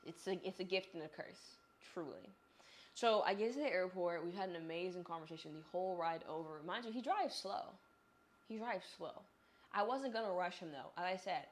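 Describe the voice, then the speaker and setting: A young woman in her twenties, a vlogger telling a chatty, animated story about her travel day straight to the viewer while on the move. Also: fairly low pitch. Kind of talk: casual storytelling vlog. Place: on the move, traveling through an airport.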